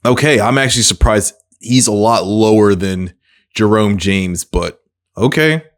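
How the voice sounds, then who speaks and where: A man's voice: lowish voice, measured pace. Man thinking aloud over a trivia game. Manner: thinks aloud, self-mocking, excitable exclamations. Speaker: gaming creator. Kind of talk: casual gameplay commentary.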